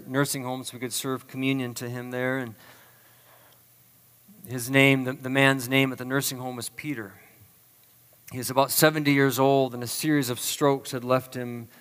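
A male pastor telling a story in a slow, earnest sermon, his lines often trailing off softly. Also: mid-range voice, clear, resonant tone, in a large hall.

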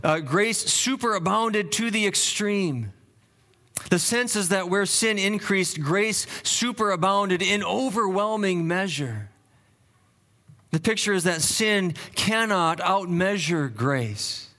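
A man's voice: high-pitched, animated, slow, pushed and bright. A male pastor preaching an expository sermon, earnest and explanatory, often restarting his sentences as he works through word meanings.

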